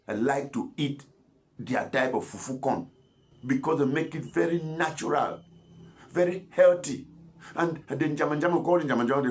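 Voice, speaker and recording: Chatty scolding man. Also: mid-range voice. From Cameroon. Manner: chatty, scolding, rambling with repeated words and asides. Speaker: doctor giving health advice. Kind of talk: informal health talk to camera.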